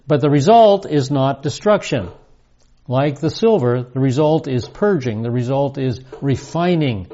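A man giving a verse-by-verse Bible teaching in a measured, explanatory way, reading scripture aloud and then restating it in plain words. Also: mid-range voice, dark tone, muffled recording.

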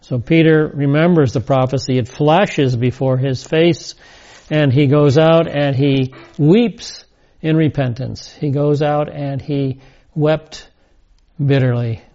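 A man's voice: a little high, steady tone, slow pace, mellow. A man teaching a scripture lesson, reading verses and adding casual asides. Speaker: Bible teacher. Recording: dull lo-fi recording.

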